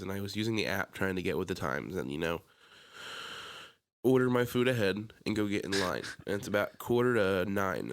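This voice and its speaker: A man co-hosting a casual podcast, telling stories in an animated way and acting out his own anger. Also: on the low side. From Pennsylvania. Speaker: podcast co-host. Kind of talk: casual chat.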